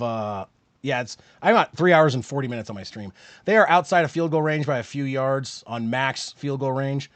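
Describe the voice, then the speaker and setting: Excitable male live-stream sports commentator. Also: mid-range voice, normal speed, no echo. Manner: rises excitedly on big plays, mutters asides quietly.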